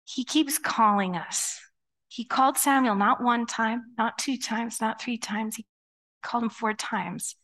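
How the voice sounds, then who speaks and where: A middle-aged woman pastor preaching a sermon to her church in a lively, conversational way, acting out quoted voices as she goes. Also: on the high side, a little slow. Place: church sanctuary.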